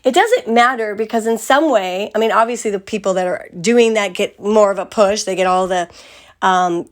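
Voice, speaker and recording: An older woman with a raspy voice from a cold, giving a chatty, meandering spiritual talk to her community. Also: medium pitch. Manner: chatty, meandering, drawn-out phrasing. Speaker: spiritual teacher.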